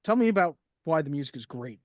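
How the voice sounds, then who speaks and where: A man co-hosting a movie podcast, chatting casually with quick jokes. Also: on the high side, sing-song, no echo, clean studio sound. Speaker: podcast co-host. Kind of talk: casual chat.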